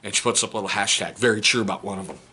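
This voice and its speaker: Seething, husky-voiced man venting. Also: lowish voice, rapid-fire. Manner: seething, restrained, voice cracking into sharp outbursts. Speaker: step-parent vlogger. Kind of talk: angry personal vlog monologue.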